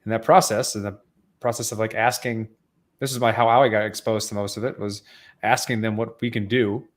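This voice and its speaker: Earnest low-voiced podcast co-host. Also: male voice, fairly even intonation, a little fast. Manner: earnest, explaining at length. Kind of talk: casual chat.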